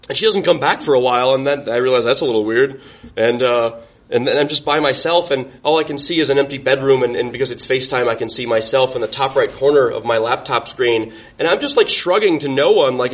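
A man's voice: on the high side, fairly quick, a bit bright. Laughing, self-mocking man telling a story. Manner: self-deprecating, laughing through his story. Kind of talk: live storytelling, casual.

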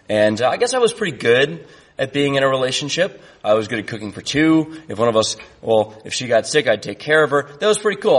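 A man telling a personal story live, hesitant and dry, filling gaps with "uh" and poking fun at himself. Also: medium pitch. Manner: hesitant, dry and self-deprecating, many uhs.

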